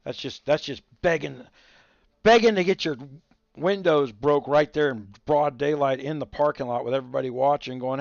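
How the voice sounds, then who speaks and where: A man's voice: on the high side, normal speed, gravelly, no echo. A man hosting a livestream, chatting casually with viewers and ranting bluntly with strong opinions. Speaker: livestream host. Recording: dull lo-fi dry sound.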